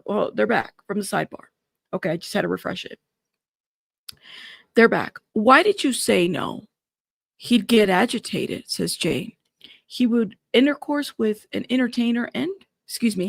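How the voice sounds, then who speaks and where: Gravelly-voiced woman hosting a live news stream. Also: mid-range voice, dry recording, studio quality. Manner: reads quotes aloud with startled asides. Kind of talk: live-stream commentary reading court updates.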